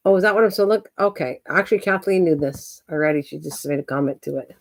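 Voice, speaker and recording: A woman's voice: deep voice, fast talker. Woman, crafting host, casual chat, teasing, easy laughs. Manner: chatty, teasing, laughs easily.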